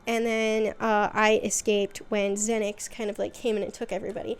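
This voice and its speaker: A woman's voice: mid-range voice, flat delivery, normal speed, smooth, natural voice. A woman quoting a shy, jumpy young man. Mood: chatty. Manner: rambling, casual retelling in quotes.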